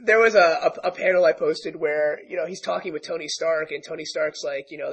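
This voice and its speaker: A man hosting a casual podcast, an enthusiastic, giggly fan who talks quickly. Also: on the high side, fairly even intonation, slightly rough. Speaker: podcast host. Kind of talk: casual chat.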